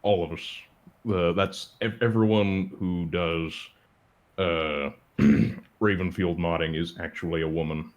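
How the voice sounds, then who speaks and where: A man with a very low, deep voice trades dry, teasing jokes in relaxed stream chatter. He talks casually with friends, deadpan and playful. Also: measured pace, highs cut off. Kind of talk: casual chat on a gaming stream.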